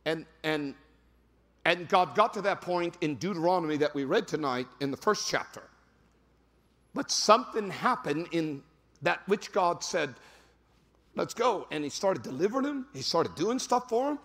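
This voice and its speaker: A male pastor preaching a sermon, repeating phrases and breaking into sudden shouts for emphasis. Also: high-pitched. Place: large church sanctuary. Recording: long hall reverb.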